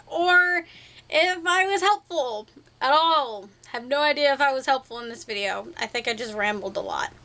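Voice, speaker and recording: High, bright, chatty young woman vlogger. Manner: chatty, silly, self-deprecating, playful made-up words. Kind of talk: casual rambling to-camera vlog.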